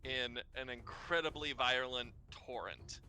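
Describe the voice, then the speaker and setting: A man's voice: medium pitch, unhurried, pushed and bright, slight background noise. A man playing a tabletop game, explaining his moves casually and hesitantly, with many fillers. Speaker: player.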